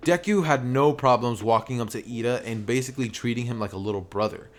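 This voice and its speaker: A man's voice: mid-range voice, fast talker, soft background music. A young man telling an anime fan story in a casual, rambling way, full of "you know" and "basically". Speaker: YouTuber narrating fan fiction.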